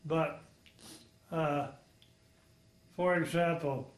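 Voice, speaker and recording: A man's voice: a little high, steady tone, extremely slow, roomy sound. A man in his nineties, a World War II veteran from Texas, telling frank, rambling stories in an oral history interview. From Texas, United States. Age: 90s. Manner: rambling, frank storytelling with chuckles.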